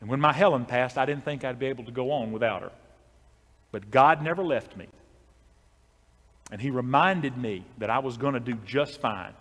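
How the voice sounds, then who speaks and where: A man voicing a soft-spoken, godly farmer in his early sixties who stammers humbly and talks in a homespun way. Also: mid-range voice, moderate pace, long pauses, long reverb tail, natural voice. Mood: quiet faith.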